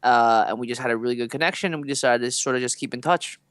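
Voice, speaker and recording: A man's voice: mid-range voice, fast, fairly bright tone, smooth, no room sound. Young male podcast co-host; rambling, filler-heavy delivery; resonant voice; dry close mic. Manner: loose, rambling storytelling with many fillers. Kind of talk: casual chat.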